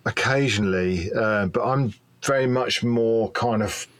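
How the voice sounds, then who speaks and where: A man guesting on a podcast, talking in a relaxed, rambling way with lots of fillers. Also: on the low side, unhurried. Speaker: guest, pedal maker. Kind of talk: casual interview chat.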